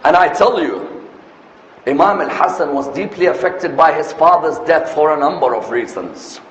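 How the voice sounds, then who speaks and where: In a muffled, lo-fi recording from an echoey hall with faint noise, a man with a fairly high, animated voice preaches at normal speed. He delivers his sermon with passion, posing rhetorical questions and rising to emphatic peaks.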